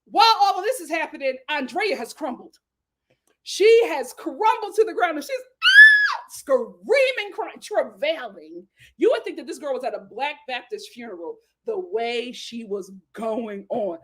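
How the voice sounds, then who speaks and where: High-voiced woman gossiping a dramatic recap. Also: unhurried, raised voice. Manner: dramatic, animated storytelling with frequent laughter; playful slang and sass. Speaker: YouTube show host. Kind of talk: gossipy reality-show recap.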